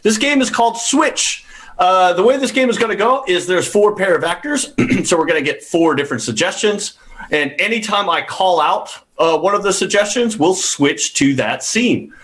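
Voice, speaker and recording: Lively high-voiced man hosting. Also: moderate pace, slight background noise. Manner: upbeat, loose, laughing. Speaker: improv show host. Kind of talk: hosting an online improv show.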